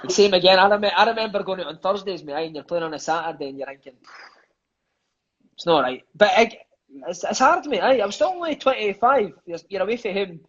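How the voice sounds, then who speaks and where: Expressive and fast, this high, slightly bright male voice belongs to a Scottish ex-footballer in his thirties. He's a guest on a podcast, chatting and cursing through casual stories with plenty of "mate" and "aye." The audio sounds dull.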